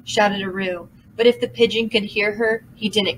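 A woman narrating a children's book in a measured storytelling manner. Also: mid-range voice, fairly even intonation, a little hiss or hum, low-quality recording. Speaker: audiobook narrator. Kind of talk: scripted narration.

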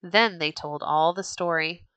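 Rich: A woman reads an old storybook aloud with a gentle, measured delivery. Her voice is bright and clear, and it sits close and dry with no room sound. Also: lowish voice, no room sound. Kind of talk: storybook read-aloud narration.

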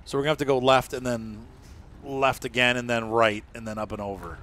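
A man's voice: medium pitch, fairly quick. A man streaming a truck game with a friend, joking and thinking aloud as he drives. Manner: animated and joking, thinking aloud while driving. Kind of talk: casual gameplay chat.

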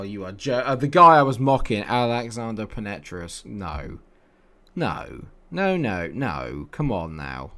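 A man giving live, animated commentary while playing a football management game, dropping to low mutters and rising to excited shouts. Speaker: video game player.

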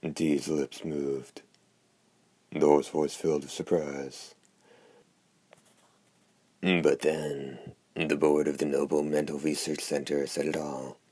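A man narrating an audiobook in a steady, even reading voice. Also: extremely low pitch, slow pace, pauses often, no echo. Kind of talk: scripted narration.

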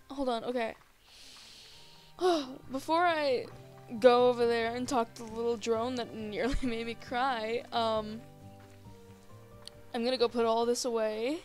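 A young woman casually commenting on a game she plays, gushing and easily excited, talking to the creatures on screen. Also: a little high. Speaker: gaming video host. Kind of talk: casual let's-play commentary.

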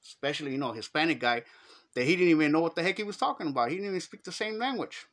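Animated Chicano man telling a street story. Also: fairly high pitch, rapid-fire. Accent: Chicano English, Los Angeles. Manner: animated, slangy street talk, acts out quotes. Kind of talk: casual storytelling.

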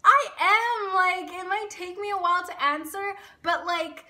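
A woman's voice: extremely high pitch, bright, forceful tone. A young woman vlogging to her subscribers in a blunt, profane rant, peppered with filler words, recorded indoors on her camera mic. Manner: blunt and profane, heavy swearing; fast talk with lots of filler "like".

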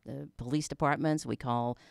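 A woman's voice: very deep voice, steady tone, moderate pace, creaky, a little mellow, no echo, studio quality. A woman voice-over artist and traffic reporter, chatting in a self-deprecating way in a radio interview. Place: radio studio. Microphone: studio microphone.

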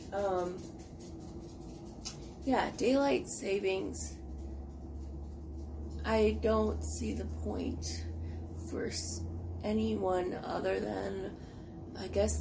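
A woman's voice: mid-range voice, very slow, creaky, pauses often, noisy background. A tired woman chatting casually while cooking in her home kitchen, rambling and poking fun at herself. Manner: rambling, self-deprecating chatter. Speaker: vlogger.

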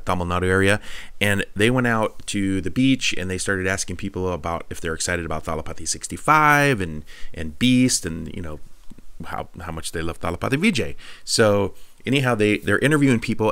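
Guy hosting a reaction vid, really low voice, dry close sound, hypes stuff up and says dude a lot. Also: a little fast, clean tone, dry recording. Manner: excitable, laid-back, says "dude" often. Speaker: reaction video host. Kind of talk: casual reaction commentary.

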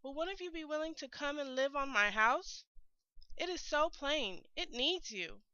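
A woman voicing a friendly, polite male hermit crab in a storybook, with a sweet, gently enthusiastic manner. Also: high voice, animated, normal speed, dry recording, voice pushed up. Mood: admiring. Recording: dull lo-fi recording.

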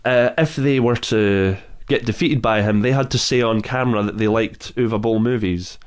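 A man's voice: on the low side, clean tone. A man hosting a casual chat, telling stories with fillers and restarts. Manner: storytelling, halting with fillers and restarts. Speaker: host.

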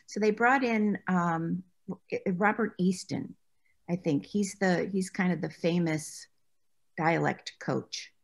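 In a relaxed interview, a woman from the United States who used to act speaks as the guest, sharing stories about her acting days with frequent laughter. She speaks slowly in a lowish, creaky voice.

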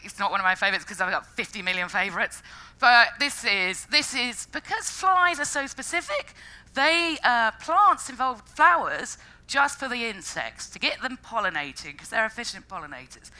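A woman giving a public science lecture with a bright, forceful voice pitched a little high. She is bubbly and jokey, breaking into little sung noises and playful put-on voices as she talks. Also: low-quality recording. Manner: enthusiastic, jokey, acts out quoted voices. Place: lecture stage before an audience.

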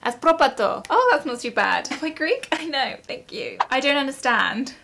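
A woman's voice: high-pitched, lively intonation, moderate pace, creaky, pushed and bright, a little hiss or hum. A young woman chatting casually at home for her vlog, giggly and self-mocking as she stumbles over words. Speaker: YouTuber.

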